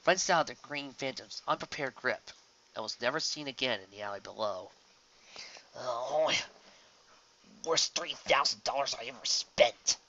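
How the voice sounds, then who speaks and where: Bright-toned man reading a story. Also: medium pitch, highs cut off. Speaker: reader. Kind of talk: reading fan fiction aloud.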